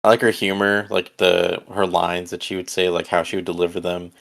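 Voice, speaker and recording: Man, podcast co-host, very low voice, gravelly fry, halting and soft, casual. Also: flat delivery. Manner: hesitant, many fillers, soft-spoken. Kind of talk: casual chat.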